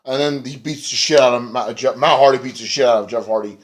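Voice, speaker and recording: A man's voice: mid-range voice, fairly even intonation, quick pace. A young man reviewing a wrestling show in loose, rambling chat with lots of swearing and fillers. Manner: rambling, profane, filler-heavy. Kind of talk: casual chat.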